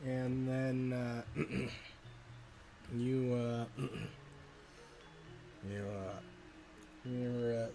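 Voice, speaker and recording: A man narrating a tabletop game as game master, in a slow, halting way with many pauses and fillers. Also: mid-range voice, warm tone.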